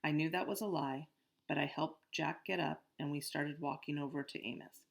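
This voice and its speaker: A woman reading a children's novel aloud in steady, first-person storytelling. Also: sits low, moderate pace, creaky. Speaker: audiobook narrator. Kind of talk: scripted first-person narration.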